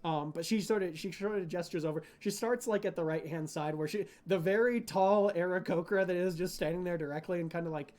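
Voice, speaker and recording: Casual, rambling game master. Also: male voice, high-pitched, fairly quick, few pauses, darkish tone, faint music behind. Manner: casual, filler-heavy narration. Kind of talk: narrating a tabletop game.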